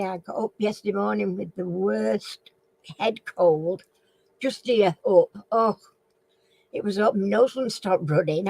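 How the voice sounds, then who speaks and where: A Northern English woman hosting a casual live-stream chat. She rambles along and keeps clearing a frog in her throat. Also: mid-range voice, a little mellow, no room sound, poor audio. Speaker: live chat and quiz host.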